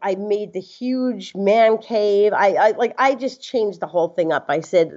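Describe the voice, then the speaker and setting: A woman guest telling a personal story in a casual, animated way, often laughing and acting out what others said. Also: medium pitch, unhurried, few pauses. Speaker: interview guest. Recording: slightly dull lo-fi sound.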